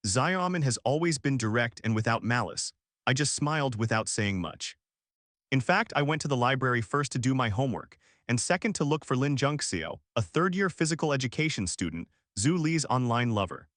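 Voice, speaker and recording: A man narrating a drama story in an expressive, storytelling manner. His pitch rises and falls freely over a mid register. The recording is dry and close, with no room sound. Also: a little fast, no room sound.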